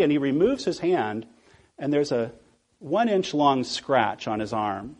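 A male pastor delivering a sermon in a somewhat high, husky voice. He presses home his points with repeated rhetorical questions. He slows down deliberately to land the key words. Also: lively intonation, a little mellow.

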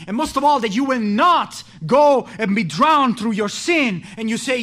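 A man preaching a sermon with passion, rising to loud pleading and dropping to low, quiet stretches, often restarting his words. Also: animated, a little slow, hardly any pauses. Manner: impassioned, swings from pleading loud to low and hushed.

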